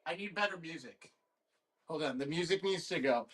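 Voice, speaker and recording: A man hosting a card-opening livestream in casual, excitable chat, greeting viewers by name. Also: a little high, normal speed, a little hiss or hum.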